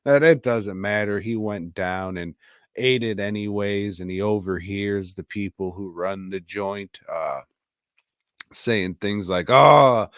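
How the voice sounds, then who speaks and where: Man, middle-aged, podcast host, tipsy, profane, rambling, slow, dry close sound. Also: lowish voice, no echo. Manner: profane, rambling, laughing at his own jokes. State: tipsy from drinking. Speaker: podcast host reviewing an episode. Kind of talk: casual rambling review.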